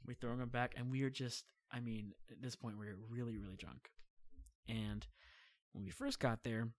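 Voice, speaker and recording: A young man tells a travel story in a loose, rambling way, stacking fillers and slipping into quoted voices. His voice sits at an ordinary pitch. The sound is dry and close. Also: moderate pace, no echo. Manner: rambling, filler-heavy, animated retelling. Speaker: guest storyteller. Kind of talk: casual storytelling.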